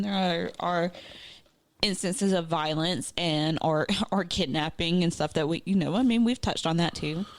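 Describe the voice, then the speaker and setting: A woman co-hosting a podcast, rambling through casual chat with many fillers. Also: lowish voice. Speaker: podcast co-host.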